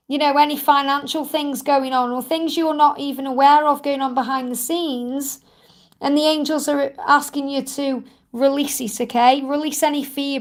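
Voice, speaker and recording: A woman hosting a live stream, reading tarot cards for viewers in a soothing, reassuring way. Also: high-pitched. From England. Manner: soothing, reassuring, repeats "okay?" and "so".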